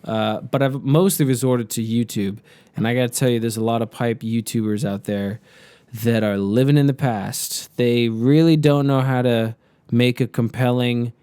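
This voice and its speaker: A man in his thirties co-hosting a casual podcast chat, blunt and quick to swear. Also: mid-range voice, fairly even intonation, mellow, clear, resonant tone, no echo. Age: 30s. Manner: blunt, swears freely, mocks slow talkers. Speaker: podcast co-host.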